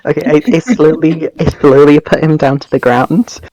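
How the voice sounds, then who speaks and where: A man playing at a tabletop game, easygoing and quick to laugh. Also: a little high, steady tone, darkish tone, poor audio. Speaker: player. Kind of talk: casual chat at a tabletop game.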